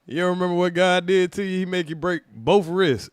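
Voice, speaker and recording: A man with a slightly raised pitch who cuts in with short, wry comments as host of a casual commentary show. His voice sounds close and dry, with no room around it. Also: fairly quick, clean tone, no room sound. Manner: interjecting, wry remarks.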